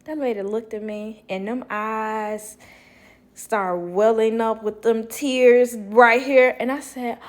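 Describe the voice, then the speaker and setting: A woman telling a casual storytime, animated, quoting people in lively voices and laughing often. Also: fairly high pitch, slow pace. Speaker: storyteller vlogger.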